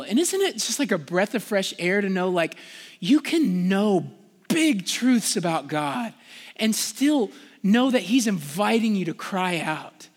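High-voiced preacher in a reverberant hall. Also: male voice, sing-song, slow pace. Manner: casual, conversational preaching with frequent "like"; passionate, rising in pitch and volume when pleading. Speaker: pastor. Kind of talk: sermon. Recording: long reverb of a large hall.

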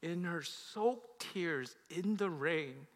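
A man in his thirties, a pastor telling a personal story in a sermon. His storytelling swings from loud outbursts to hushed, low confession. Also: lively intonation, very slow, big-room sound.

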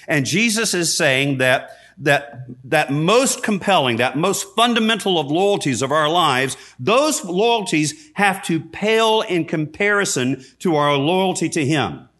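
Male priest preaching; lively, swinging delivery, loud peaks and quiet drops, self-mocking asides. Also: unhurried, few pauses. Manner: emphatic preacher, rising loud on key lines and dropping low and soft; self-deprecating asides with fillers. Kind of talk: sermon.

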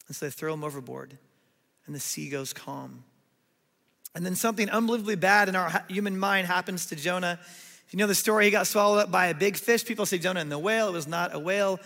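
A male pastor preaching a sermon, telling a story with animated delivery and acting out what people said. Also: sits high, a little fast, creaky, long reverb tail.

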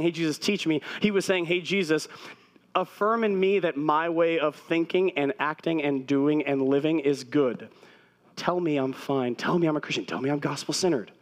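Male pastor, mid-pitched voice, conversational sermon delivery with repeated key phrases.

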